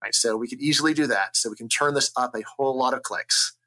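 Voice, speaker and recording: A man from the United States, an economist, explaining ideas in an energetic, argumentative interview style, often checking in with "right?". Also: medium pitch, fast talker. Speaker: economist guest. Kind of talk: conversational interview.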